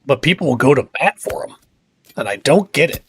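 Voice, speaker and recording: A man's voice: mid-range voice, expressive, fairly quick, fairly bright tone, a little hiss or hum. A middle-aged man, chatting casually on a game livestream and ranting with cussing. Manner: fired-up ranting with cussing and laughs. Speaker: livestream gamer.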